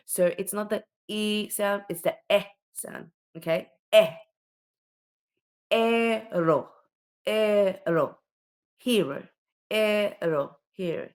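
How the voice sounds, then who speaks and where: A woman teaching children the alphabet, patiently sounding out each letter and often checking in with "okay?". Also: mid-range voice. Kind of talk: slow alphabet lesson for children.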